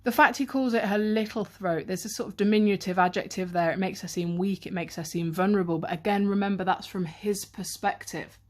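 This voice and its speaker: A woman's voice: medium pitch, steady tone, fairly quick, few pauses, darkish tone. A woman teacher giving a revision lesson on a poem, reading quotes aloud and explaining them in close analytical detail, recorded on a handheld camera.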